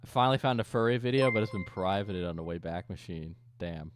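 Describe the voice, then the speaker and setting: This coffee business owner has a low voice and talks quickly on his livestream, bantering casually with viewers. His chat is full of joking, swearing rants and frequent laughter.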